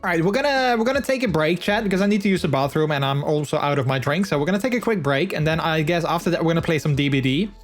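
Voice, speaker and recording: A man, chatting casually to his live-stream viewers, laughing often and filling pauses with ums. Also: a little high, soft background music.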